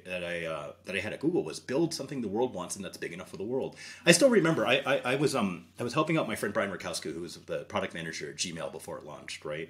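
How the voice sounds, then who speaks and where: A middle-aged man, an investor guest in an interview, telling stories with many fillers and acting out remembered dialogue. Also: sits low. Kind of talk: interview storytelling.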